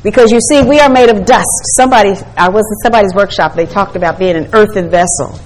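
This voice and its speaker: A woman's voice: medium pitch, quick pace, low-quality recording. An older woman preaching a sermon to women, emphatic, quoting scripture and asking her listeners questions. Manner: emphatic, asks the audience questions, quotes scripture. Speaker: women's ministry speaker.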